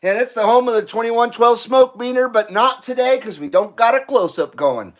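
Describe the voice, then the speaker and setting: A man hosting his own live stream, excitable and out of breath, swearing freely and laughing between remarks. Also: very high-pitched, normal speed. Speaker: channel host. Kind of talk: casual live stream chat.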